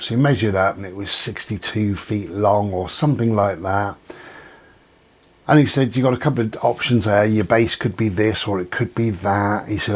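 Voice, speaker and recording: A man with a low, slightly husky voice rambles through everyday anecdotes. He talks casually and acts out the lines of each conversation he recounts. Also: darkish tone. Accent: not local to Dorset. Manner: chatty storyteller, acts out quoted exchanges. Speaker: vlogger. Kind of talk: casual monologue.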